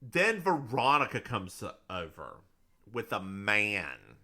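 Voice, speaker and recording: A man's voice: fairly low pitch, sing-song, takes it slowly, sharp tone. A man co-hosting a podcast, playfully recapping a TV episode beat by beat. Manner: playful, recounting plot beat by beat. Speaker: podcast co-host.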